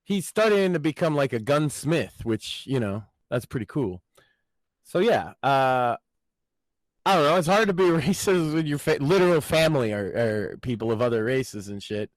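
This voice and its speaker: Lively, animated male podcast host. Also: fairly high pitch, moderate pace, no room sound, poor audio. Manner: animated, profane, mocking. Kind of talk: casual political chat.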